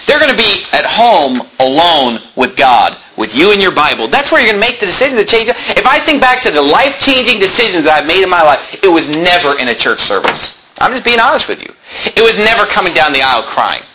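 A man preaching a sermon, earnest and direct, and reading scripture aloud. His voice is bright and sits a little high. There is faint noise in the recording. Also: sing-song, brisk, poor audio. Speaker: pastor.

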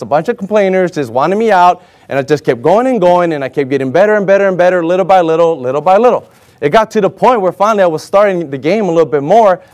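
A man with a fairly high voice recounts a personal story to an audience. He tells it with energy and jumps into the voices of the people he quotes. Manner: animated, acts out other people's lines in raised voices. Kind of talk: personal anecdote told to an audience.

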